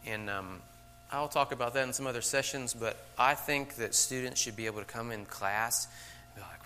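A man's voice: medium pitch, normal speed, bright, forceful tone, slight background noise. A man giving a conversational lecture to teachers, checking in with "okay?" after many points and acting out classroom scenes. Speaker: teacher trainer.

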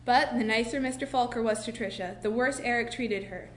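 A woman reads a children's story aloud in an expressive way and pauses slowly for effect. Her voice sits a little high. The recording carries a roomy echo and a faint hiss behind it. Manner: expressive, with slow dramatic pauses. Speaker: narrator. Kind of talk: reading a children's book aloud. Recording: echoey room with faint hiss.

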